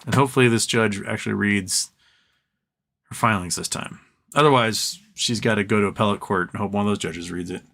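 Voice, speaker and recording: A man's voice: lowish voice, a little fast, creaky, fairly bright tone. A man hosting a live stream from home, chatting casually, answering viewer comments and trailing off into rambles.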